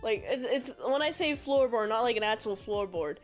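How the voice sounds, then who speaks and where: A woman's voice: a little high, animated, moderate pace, faint music behind. A woman reviewing a movie in a casual, rambling, jokey recap with self-deprecating asides.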